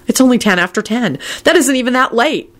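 A woman's voice: a little high, lively intonation, a little fast, a bit bright, pitched above the performer's own voice. A woman reading aloud and voicing a cheerful, determined young man talking himself up. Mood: upbeat. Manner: upbeat self-encouragement.

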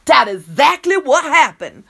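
A woman's voice: sits high, big pitch swings, unhurried, gravelly, a bit bright, voice pushed up, heavily acted. A woman voicing a fierce, bossy voodoo queen who hisses and scolds in clipped dialect. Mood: urgent. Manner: hissing, bossy, dialect grammar.

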